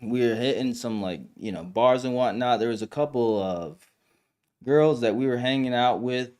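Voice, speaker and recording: A young man chats on his live stream in a loose, slangy way, full of fillers and restarts. His voice sits at an ordinary middle pitch for a man, and he tells his stories the way he would to friends. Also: darkish tone. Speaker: live stream podcast host. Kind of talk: casual live stream chat.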